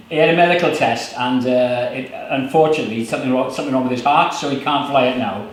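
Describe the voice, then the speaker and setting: A man reading his own poems at a book launch, in slow measured lines with loose, rambling asides between poems. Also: medium pitch, fairly bright tone. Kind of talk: live poetry reading with chatty asides. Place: small venue at a book launch. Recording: very echoey room.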